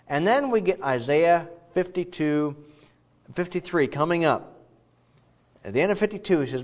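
A man preaches a sermon with theatrical energy and reads scripture dramatically. His fairly high voice swings widely in pitch. The recording sounds dull and lo-fi. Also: normal speed. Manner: animated, theatrical, acts out quotes.

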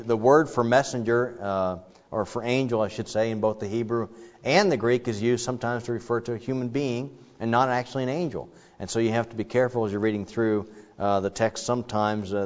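A man preaching a conversational sermon, now and then rising to animated rhetorical questions. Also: lowish voice. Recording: dull, reverberant hall sound.

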